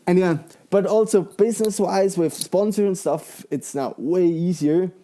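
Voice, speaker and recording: Excitable young man, mellow voice. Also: high voice, measured pace. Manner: excitable, laughs often, lots of fillers. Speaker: guest, professional mountain bike rider. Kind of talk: casual conversational interview.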